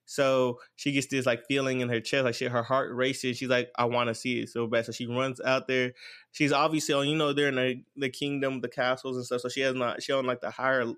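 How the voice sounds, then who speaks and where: A man's voice: medium pitch, level tone, brisk, fairly bright tone, smooth. A man casually recapping an anime plot in a rambling way, full of fillers and repeated "blah, blah, blah.". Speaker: anime reviewer.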